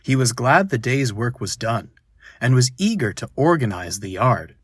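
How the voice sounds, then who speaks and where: A man narrating a children's storybook, slow and expressive. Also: mid-range voice, breathy edge, dry recording, clean studio sound.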